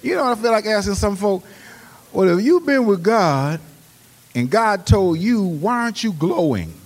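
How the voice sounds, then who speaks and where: A man preaching a sermon. He swings between hushed, quick storytelling and loud, rising exhortation. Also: high voice, expressive, big-room sound. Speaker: pastor. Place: church.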